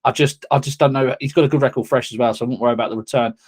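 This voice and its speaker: A man's voice: mid-range voice, steady tone, very fast. A man giving horse racing tips in casual podcast chat, hesitant with frequent restarts. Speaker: racing tipster.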